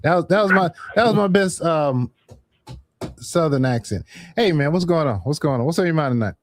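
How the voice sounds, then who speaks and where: Man, livestream host, animated, repeats himself, slightly high voice. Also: brisk, soft background music. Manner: animated, repeats phrases, laughs often. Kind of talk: casual call-in chat.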